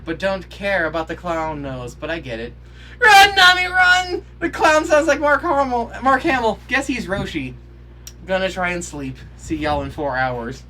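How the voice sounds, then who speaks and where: Animated, bright-voiced sarcastic man. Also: a little high, slight background noise. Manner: sarcastic, swearing, with bursts of mock outrage. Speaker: podcast co-host. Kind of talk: reading out humorous episode reactions. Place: podcast studio.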